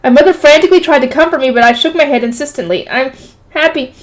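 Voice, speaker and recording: A woman's voice: high-pitched, very fast. A woman reading a light novel aloud, stopping often to add casual jokey comments. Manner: breaks off to comment and joke. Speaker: reader.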